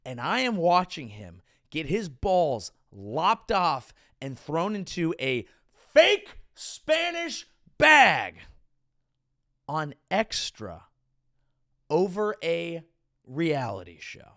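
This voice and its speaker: A man's voice: on the high side, slow pace. A man hosting a comedic podcast, ranting with sarcastic, mocking riffs. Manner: sarcastic, mocking, lively riffing. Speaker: comedian and host.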